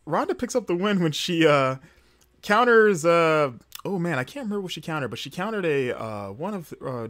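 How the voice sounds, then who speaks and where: A man's voice: medium pitch, fairly bright tone. A man hosting a podcast, giving a casual solo recap in a rambling, chatty way, with lots of fillers and self-corrections. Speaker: podcast host.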